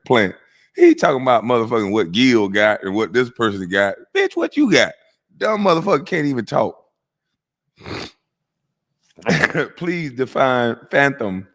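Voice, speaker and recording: A man's voice: medium pitch, a bit bright. A man hosting a stream, mocking clips in profane casual roast commentary, his nose stuffy. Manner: mocking, profane, bursts into laughter. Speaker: host reacting to clips.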